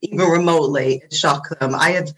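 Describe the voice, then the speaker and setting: Poor audio captures a low-pitched, fairly bright woman speaking a little fast. She's an American interior design blogger in her forties, guesting on a podcast, chatting casually and frequently laughing at her own expense.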